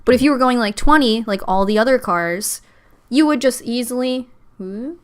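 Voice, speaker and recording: A woman's voice: a little high, expressive, normal speed, clean tone. A young woman in casual chat, telling a story in a chatty way, swearing and mimicking voices. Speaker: podcast host.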